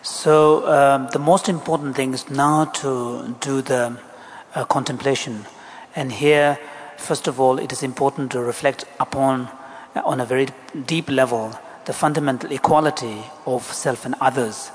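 A man's voice: medium pitch, steady tone, normal speed. A man interpreting a Buddhist teaching, hesitant, with many ums and uhs. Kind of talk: interpreting a dharma talk. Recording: long hall reverb, faint noise.

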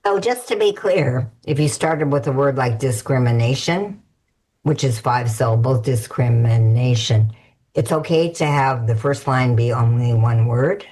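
A woman interviewing a haiku group, speaking slowly and carefully. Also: very deep voice, a little mellow, rough recording. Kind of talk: casual interview.

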